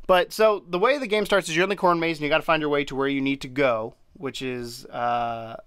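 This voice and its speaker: Guy rambling about a game he played on a podcast, kinda high voice, lots of restarts. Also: steady tone, fairly quick, fairly bright tone, smooth, dry recording. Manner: rambling, with many restarts and laughs. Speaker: podcast co-host. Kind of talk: casual chat reviewing a game.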